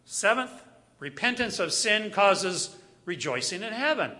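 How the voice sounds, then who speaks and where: A man preaching a sermon in an emphatic style, often repeating key phrases and moving between loud and quiet passages. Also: high voice, sing-song, a little slow.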